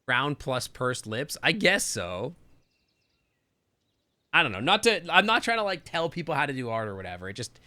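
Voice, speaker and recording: A man with a Canadian accent chatting loosely through a live game stream, rambling and thinking out loud. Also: medium pitch, big pitch swings, normal speed.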